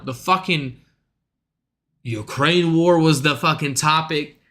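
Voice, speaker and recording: A man's voice: on the high side, slow pace, pauses often, bright, forceful tone. A young man streaming, ranting in a casual, profane, slangy way to his chat. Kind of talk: livestream rant.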